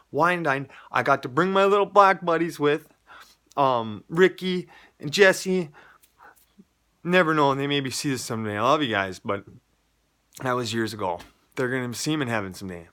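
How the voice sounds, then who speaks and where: A man's voice: a little high, pushed and bright. A man with a twang shares a personal testimony in a loose, heartfelt way. He rambles and jumps between stories, earnest and emotional, like chatting with friends. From North Dakota, USA. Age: adult with a child. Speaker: believer giving a testimony.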